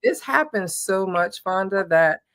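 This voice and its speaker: Animated, laughing woman from Ohio. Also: medium pitch, a little slow. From Ohio, USA. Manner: animated, laughs often, acts out quotes. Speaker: guest, former basketball player. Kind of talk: casual interview storytelling.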